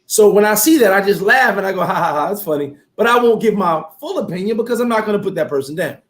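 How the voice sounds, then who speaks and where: A man hosting a casual talk show, speaking in a lively, preachy motivational way. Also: high voice, fast. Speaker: host. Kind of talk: casual chat.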